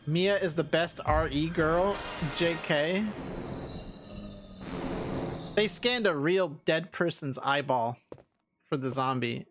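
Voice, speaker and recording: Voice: medium pitch, a little slow, noisy background. A young adult streamer giving casual let's-play commentary, rambling and full of filler words. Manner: rambling, laughing, heavy use of filler words.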